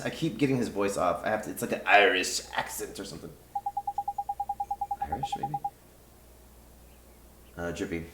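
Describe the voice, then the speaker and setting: A man's voice: mid-range voice, big pitch swings, moderate pace, pauses often, slight background noise. A man streaming a game live, chatting casually and rambling with lots of fillers, on a desk mic. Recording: roomy room with game music.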